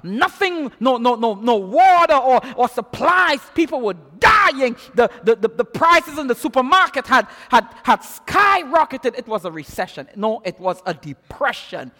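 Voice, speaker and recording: A man preaching with great animation, stumbling over repeated words as he builds. His voice is very high and bright with wide swings of pitch. A long hall reverb trails every phrase. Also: big pitch swings, measured pace, hardly any pauses. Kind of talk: sermon.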